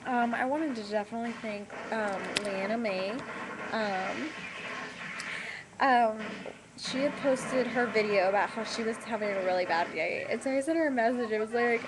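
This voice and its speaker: A woman's voice: medium pitch, normal speed. Chatty young woman with a lilt. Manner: chatty and rambling, many ums. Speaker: vlogger. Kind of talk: casual chat to camera. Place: home room with TV on. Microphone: laptop webcam mic. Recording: home laptop recording with TV noise. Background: television playing.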